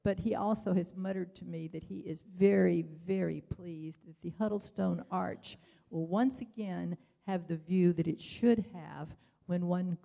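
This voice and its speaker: A woman's voice: on the low side, gravelly, mellow. An older woman giving rambling, chatty public testimony at a hearing, full of wry asides.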